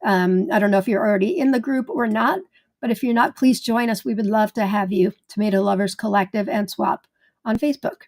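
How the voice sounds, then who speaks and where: A middle-aged woman hosts a live gardening stream, greeting viewers one by one in a bubbly, chatty way, as excited as a cheerleader. Her voice is mid-range and her pace brisk.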